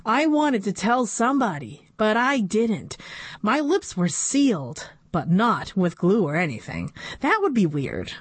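Woman, audiobook narrator, playful children's story, lively pitch, slow pace, dry close sound. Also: slightly rough, no room sound. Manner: animated, playful first-person storytelling. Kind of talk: scripted narration of a children's book.

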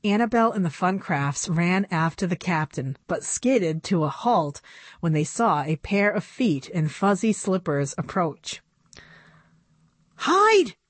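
A woman reads a children's story aloud, taking her time and letting her pitch rise and fall. The recording is close and dry, with no room sound. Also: animated, measured pace, dry recording. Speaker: narrator. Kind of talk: storybook reading.

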